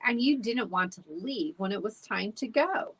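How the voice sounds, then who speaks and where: Figure: woman playing a patient, dry schoolboy in a storybook. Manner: plain, sometimes hushed. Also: medium pitch, lively intonation, normal speed, slightly rough, pitched above the performer's own voice.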